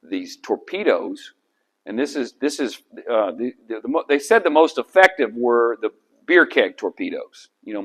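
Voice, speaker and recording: A middle-aged man, a historian lecturing to a club about slides, conversational and animated with frequent restarts. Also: lowish voice. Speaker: historian and author giving a talk.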